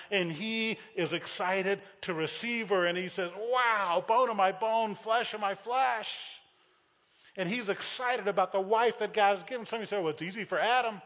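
Fairly high-voiced guy preaching, lively storyteller, shouts then goes soft, dull echoey church sound. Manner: animated storytelling with shouted exclamations; drops to a soft, intimate tone for appeals. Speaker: pastor. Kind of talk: sermon.

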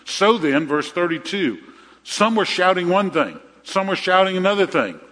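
Middle aged pastor guy preaching, kinda high voice, chatty, repeats stuff, big echoey church. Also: sing-song, normal speed, fairly bright tone. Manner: conversational, repeats phrases, tells jokes. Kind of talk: sermon. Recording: reverberant hall.

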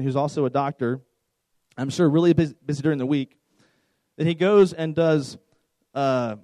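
A man's voice: on the high side, a little mellow, dry recording, poor audio. A man in his thirties preaching a conversational sermon to a youth group as their pastor, repeating words and joking with the room.

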